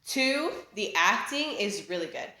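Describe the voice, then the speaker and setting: A woman's voice: mid-range voice, very animated, a little slow, pushed and bright. A young woman talking casually in a chatty, rambling way, full of fillers and restarts, recorded in her living room. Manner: chatty, filler-heavy, self-interrupting. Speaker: vlogger. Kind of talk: casual rant. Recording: echoey home room.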